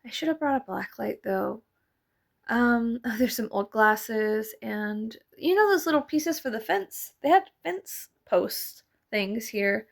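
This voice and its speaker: A woman's voice: fairly high pitch, animated, slow, gravelly. A young adult woman narrating a casual vlog voice-over, rambling, laughing often and swearing offhandedly. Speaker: vlogger. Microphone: voice-over mic.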